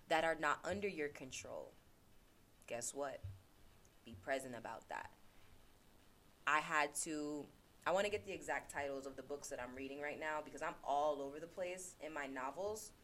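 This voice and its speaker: A low-pitched, somewhat bright voice belongs to a woman who teaches and hosts a podcast, captured on a laptop microphone. Earnest but relaxed, she reflects on self-reflection and repeats phrases to emphasize them.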